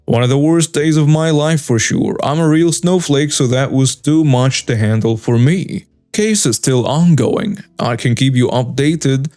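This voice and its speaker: A young man narrating a first-person story in an earnest, steady reading tone. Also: mid-range voice, no room sound.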